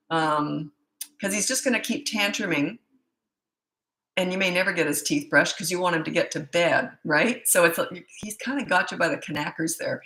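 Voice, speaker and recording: A woman's voice: lowish voice, bright, forceful tone. A middle-aged woman parenting coach, answering viewer questions in a blunt, chatty way with storytelling asides. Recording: echoey room.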